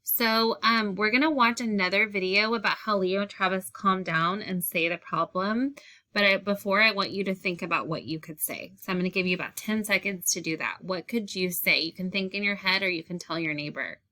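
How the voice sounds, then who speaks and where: A woman teacher with a bright, forward voice gives a lesson to young children. She talks patiently and repeats the key steps so the kids can follow along. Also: medium pitch, fairly quick. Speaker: elementary school teacher.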